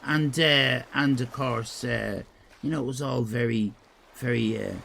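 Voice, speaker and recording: A man with an Irish accent draws while chatting on a live stream, rambling in a crude, irreverent way and reading chat comments aloud. His mid-range voice has vocal fry and a sharp tone, he speaks at normal speed, and there is slight background noise.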